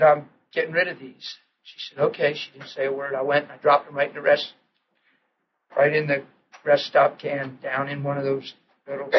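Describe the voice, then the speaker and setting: A middle-aged man preaching a sermon, telling a story with lively acted-out quotes. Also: fairly high pitch. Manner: animated storytelling, acting out quotes, laughing. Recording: dull lo-fi archival audio with faint hiss.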